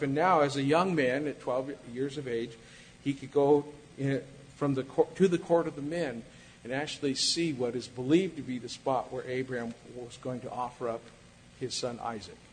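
A man's voice: steady tone, moderate pace, rough recording. A man preaching a sermon in a conversational way, acting out quoted lines as he goes. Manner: conversational, acts out quoted lines with shifting pitch and loudness.

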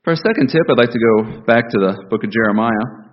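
A man preaching a sermon to his congregation. He speaks in a measured way and repeats key phrases for emphasis. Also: medium pitch, highs cut off. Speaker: pastor.

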